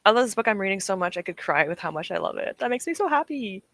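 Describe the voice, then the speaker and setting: A woman's voice: medium pitch, sing-song, fast talker, fairly bright tone. A young woman streaming from home, chatting casually and encouragingly with her live chat, often laughing. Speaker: streamer hosting reading sprints.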